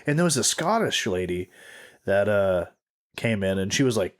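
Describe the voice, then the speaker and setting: A man's voice: fairly low pitch, moderate pace. A man in his twenties from the Pacific Northwest, co-hosting a podcast in casual, jokey chat. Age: 20s. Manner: animated, jokey, rambling storyteller. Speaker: podcast co-host.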